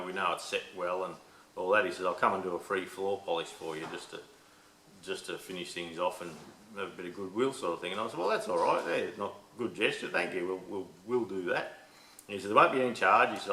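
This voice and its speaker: Australian bloke, middle-aged, chatty podcast host, bright forceful voice, lowish pitch, rambling yarn in a roomy shed. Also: male voice. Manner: rambling, laid-back, swears casually. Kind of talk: casual storytelling chat.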